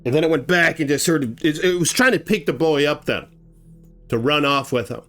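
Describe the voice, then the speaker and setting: A man telling a grim story casually, animated and conversational, acting out sounds as he goes. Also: on the high side, a little fast, faint music behind.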